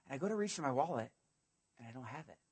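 A man's voice: medium pitch, lively intonation, racing, darkish tone, breathy edge. A male pastor preaching a sermon, animatedly acting out biblical dialogue in casual modern speech.

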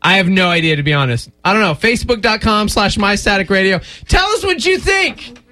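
Hosting a morning radio show from the studio, a man with a high, sharp-toned voice jokes around casually, animated and quick, laughing often. He uses a studio microphone and there's no echo.

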